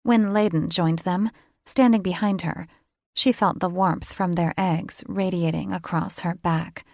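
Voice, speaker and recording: A woman narrating a fantasy romance audiobook in a measured, steady way. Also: on the low side, dry recording, studio quality. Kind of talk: scripted narration.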